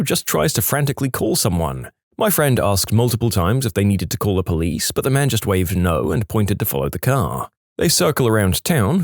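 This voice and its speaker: Man, low voice, animated delivery, story narration, dry close sound. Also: no room sound. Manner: lively, expressive storytelling. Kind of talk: scripted narration of online stories.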